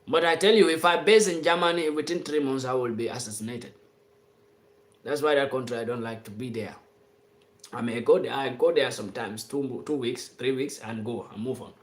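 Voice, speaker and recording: A live-stream commentator giving an impassioned, off-the-cuff monologue to followers, insistent and repetitive, sometimes rising to shouts. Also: medium pitch, echoey room. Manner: fiery and insistent, repeating phrases, rising to shouts.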